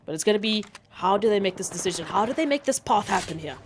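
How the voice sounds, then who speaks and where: A woman with a South African accent doing play-by-play esports commentary, getting excited and loud at big plays. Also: mid-range voice, quick pace, slight background noise. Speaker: esports caster.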